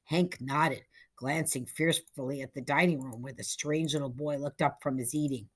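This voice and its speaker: A woman narrating a short story with dramatic, expressive delivery. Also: extremely low pitch, moderate pace. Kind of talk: reading a short story aloud.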